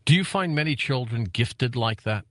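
A man's voice: medium pitch, animated, normal speed, a bit bright, no echo, clean studio sound. A man hosting a radio interview, asking friendly, encouraging questions. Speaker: radio show host.

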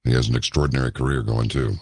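A man's voice: rumbling low, fairly even intonation, racing, vocal fry, husky, no echo, clean studio sound. A man hosting a late-night radio interview, asking questions and giving short encouraging reactions. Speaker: radio host.

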